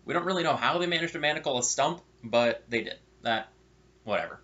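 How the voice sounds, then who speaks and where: Man, storyteller, bright tense voice, wry asides, animated, muffled lo-fi recording. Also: mid-range voice, fairly quick. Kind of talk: casual story narration. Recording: dull lo-fi recording.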